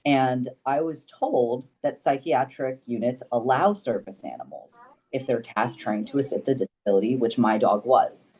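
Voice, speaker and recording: A young man, a podcast guest, telling stories in casual chat, animated and swearing freely. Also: medium pitch, moderate pace, hardly any pauses, husky. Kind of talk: casual storytelling.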